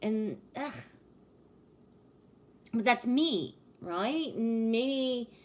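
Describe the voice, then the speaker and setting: A woman's voice: expressive, drawn-out words, darkish tone. A woman chatting casually on a live stream, reading viewer comments and ranting with plenty of swearing. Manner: swears a lot, rants with rising pitch; talks to chat, reads comments aloud.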